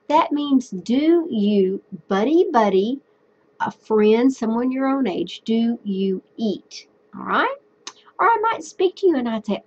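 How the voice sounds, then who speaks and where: Slow, lively-voiced woman teaching Spanish. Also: on the high side, slightly rough, highs cut off. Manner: patient, explains step by step, repeats phrases slowly. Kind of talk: recorded classroom lesson.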